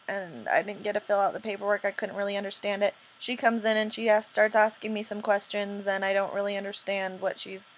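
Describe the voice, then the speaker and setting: Talking directly to her camera in a casual vlog, a woman retells a story in a rambling way, interrupting herself and restarting often with "um." Her voice sits at a middle pitch with a fairly bright tone, and she sounds earnest and slightly indignant, though the audio is poor.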